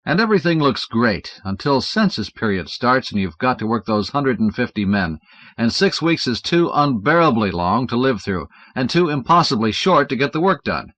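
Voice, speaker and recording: A man reading an audiobook aloud in an expressive narrating style. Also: medium pitch, normal speed. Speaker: audiobook reader. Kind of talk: scripted narration. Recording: dull, dry 1970s audiobook recording.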